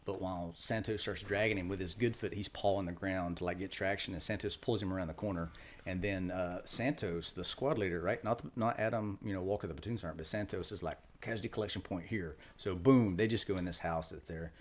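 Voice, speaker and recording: A middle-aged retired Marine, a guest on a podcast, recounts his experiences in a casual storytelling interview. His deep voice holds a steady tone at a fairly quick pace, and he speaks loosely and matter-of-factly with fillers and restarts. There's slight background noise.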